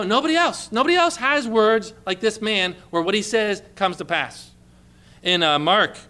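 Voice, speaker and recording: A man preaching a sermon, telling stories in an animated, emphatic way and rising to exclamations. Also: high-pitched.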